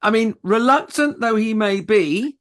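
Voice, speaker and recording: High, lively co-host. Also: male voice, measured pace. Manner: lively, exclamatory. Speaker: podcast co-host. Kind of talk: casual chat.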